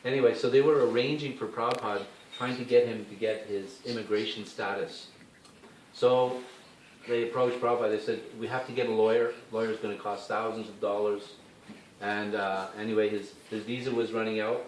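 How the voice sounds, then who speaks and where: A man's voice: fairly low pitch, fairly even intonation, brisk. A Canadian man giving a rambling, informal talk to a gathering at a temple, with lots of asides and restarts. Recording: echoey hall, speaker far from the mic, faint hiss.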